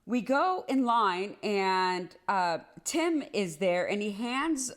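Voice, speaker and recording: Woman, mid-pitch, casual storytime narrator, animated and rambling with fillers. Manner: animated, rushed, repeats herself with many "like"s.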